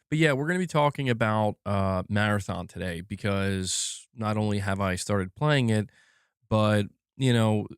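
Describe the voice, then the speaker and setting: A man with a lowish, smooth and clear voice hosts a relaxed gaming livestream. He talks loosely and chattily, greeting viewers and reading out their chat. The sound is close and dry. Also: no echo. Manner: chatty, reads out chat messages. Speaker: livestream host.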